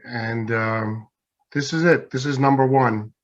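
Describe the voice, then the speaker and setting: A man's voice: medium pitch, steady tone, slow. Male pen-maker guest, mid-range voice, chatty self-deprecating anecdotes over lo-fi call audio. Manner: anecdotal, acts out others' remarks, self-deprecating. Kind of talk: casual interview storytelling. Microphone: video call.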